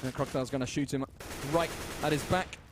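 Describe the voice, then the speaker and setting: A man casting a competitive shooter game match with fast, joking play-by-play commentary. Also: medium pitch, fairly even intonation, background noise. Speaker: esports caster.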